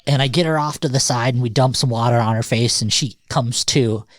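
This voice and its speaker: A man's voice: medium pitch, fairly quick, dry recording. A man co-hosting a podcast, telling rambling, self-correcting anecdotes in casual chat with swearing and laughter. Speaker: podcast co-host.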